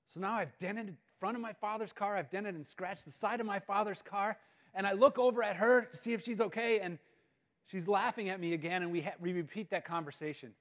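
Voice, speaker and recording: Guy telling a funny story at a school assembly, high-ish voice, lots of repeated words. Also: brisk. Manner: animated, self-mocking, repeats words. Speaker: guest speaker. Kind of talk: humorous storytelling talk. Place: school auditorium. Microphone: live-stream mic.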